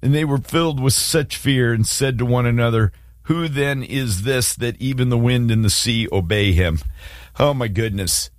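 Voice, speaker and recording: A man's voice: medium pitch, normal speed, dry recording, clean studio sound. A man hosting a casual faith talk show, telling stories with animation and acting out scenes as he goes. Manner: animated, storytelling, dramatizes scripture scenes. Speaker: host.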